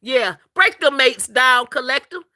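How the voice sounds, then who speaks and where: On a casual spiritual livestream, a woman addresses her listeners as "collective," laughing often, repeating herself and speaking emphatically. Her high, sharp voice has lively intonation and a slightly slow pace.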